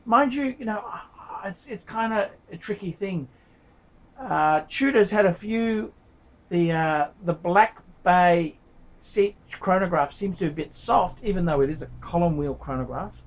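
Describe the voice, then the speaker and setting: A man's voice: sits high, measured pace. A man giving a casual paid watch review on video. He talks bluntly, swears freely and repeats his points. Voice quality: blunt, profane, repeats himself.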